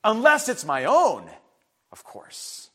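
A man, preaching an impassioned sermon that builds to shouting. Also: high-pitched, huge pitch swings, slow pace. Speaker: pastor.

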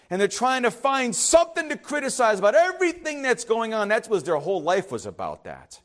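A male pastor preaching a sermon, emphatic and swinging from loud exhortation to hushed asides. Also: high-pitched, very animated, a little fast, few pauses. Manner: emphatic preaching, rising and dropping sharply; acts out skeptics in hushed asides.

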